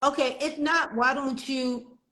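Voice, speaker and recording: Heard through a poor video-call connection, this middle-aged co-host and executive director speaks in a high, sharp voice with fairly even intonation and no hurry. She laughs a lot during the casual live-stream chat, using many fillers and restarting often.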